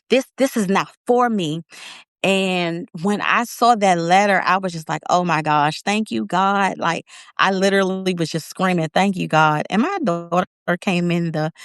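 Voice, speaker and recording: Woman in her 30s telling her story, lowish voice, lots of pitch jumps when she quotes herself, dry sound. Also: no room sound. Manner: animated, acts out her own quotes with big pitch jumps. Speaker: interview guest. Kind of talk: casual storytelling interview.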